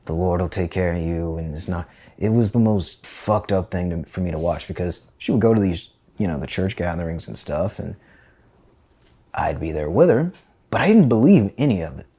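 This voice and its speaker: A man in his twenties, a podcast guest telling a personal story in a candid, profane, animated way. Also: deep voice, normal speed, slightly rough. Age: 20s.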